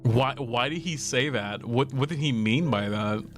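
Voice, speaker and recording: This gaming streamer has a medium-pitched voice and takes his time. He keeps the chat casual, laughs a lot and swears without holding back while game music plays behind him.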